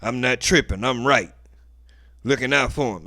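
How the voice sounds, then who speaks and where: A man's voice: mid-range voice, normal speed, pauses often, sharp tone, dry recording. A man giving profane, slang-heavy live commentary on a court video, emphatic and lecturing. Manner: emphatic, profane, slangy, keeps addressing the defendant as "boy". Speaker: online commentator.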